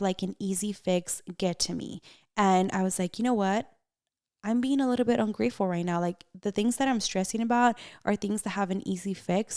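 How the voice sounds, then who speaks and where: A young woman vlogger chatting casually to her viewers, telling animated stories in a gossipy, friendly way. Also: mid-range voice, clean tone, no room sound, clean studio sound. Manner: chatty, animated storytelling, addresses viewers as bestie. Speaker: vlogger host. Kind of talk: casual chat to camera.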